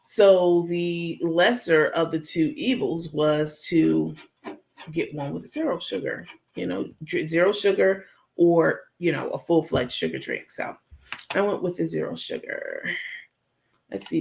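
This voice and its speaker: Gravelly-voiced woman chatting on a livestream. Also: on the low side, unhurried. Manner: frank, chatty, talks straight to viewers. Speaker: livestream host. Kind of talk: casual livestream chat reading viewer comments.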